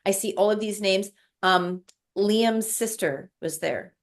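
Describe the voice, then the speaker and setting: A woman's voice: medium pitch, takes it slowly. A woman guest telling an emotional spiritual story in casual conversation, repeating words as she recounts it. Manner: emotional, repetitive, breathless recounting.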